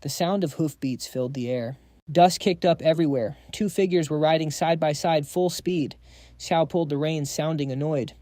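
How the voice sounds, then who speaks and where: A man's voice: a little high, normal speed, dark tone, no room sound. A man giving a scripted, casual and slangy narration of a comic story. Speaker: recap narrator.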